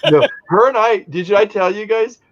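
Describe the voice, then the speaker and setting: A man's voice: high-pitched, a little fast, dull audio. A man in casual stream chat, joking around and dropping Italian phrases into his talk. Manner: animated, jokey, slips into Italian phrases.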